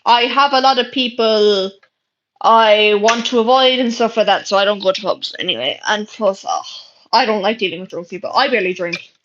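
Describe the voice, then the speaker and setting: A woman's voice: medium pitch, fairly even intonation, moderate pace, a bit bright, slight background noise. Blunt sweary Irish woman livestreaming. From Ireland. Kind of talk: casual livestream chat reading comments. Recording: dull lo-fi stream audio.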